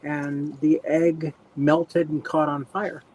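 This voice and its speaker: A woman on a video call from her home office, calmly telling a story to the group in a matter-of-fact way. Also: low voice, slow pace, breathy edge, highs cut off. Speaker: guest. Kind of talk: casual group video chat.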